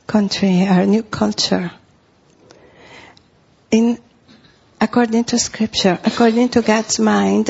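A woman preaching a sermon in a slow, deliberate way, repeating her phrases. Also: on the high side, gravelly, a little mellow, slightly rough. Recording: dull lo-fi recording.

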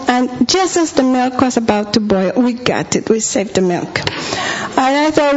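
A woman's voice: high-pitched, expressive, normal speed, a little mellow. A woman preaching in a storytelling style, acting out the lines she once said. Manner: vivid storytelling, acting out her own quoted words. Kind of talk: sermon storytelling. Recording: dull lo-fi recording with faint hum.

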